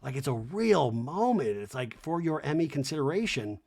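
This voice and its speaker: A podcaster giving a sarcastic, animated comic recap of a show, with laughing asides. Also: medium pitch, normal speed, gravelly.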